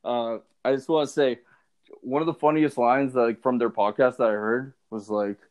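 A man's voice: medium pitch, fairly even intonation, normal speed, darkish tone. Man chiming in on a podcast. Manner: eager, chiming in with short reactions. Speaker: podcast co-host. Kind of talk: casual podcast chat.

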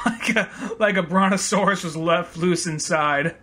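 Young guy, slightly high bright voice, joking podcast co-host. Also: slow. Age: young adult. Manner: joking, laughing banter. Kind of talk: casual chat.

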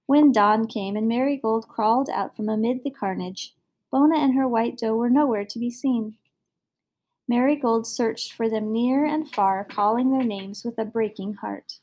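A woman reading a fairy tale aloud as narrator, in an expressive storybook manner. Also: a little high, normal speed.

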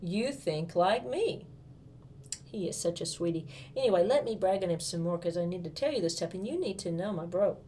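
A woman's voice: lowish voice, expressive, quick pace, few pauses, mellow, slight background noise. A woman reading a first-person storybook as a young girl, in a bubbly, gushing manner full of childlike enthusiasm.

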